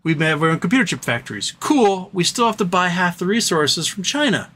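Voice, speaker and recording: A man hosting a livestream, telling stories in a casual, animated way and putting on mock voices for the people he quotes. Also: sits high, brisk, a little hiss or hum. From United States. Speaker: livestream host.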